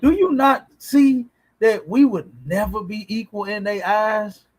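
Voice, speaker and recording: A man's voice: high voice, a little slow, low-quality recording. A man hosting a livestream, commenting bluntly on video clips in a preachy, cursing manner, often asking if you understand. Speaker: host reacting to clips.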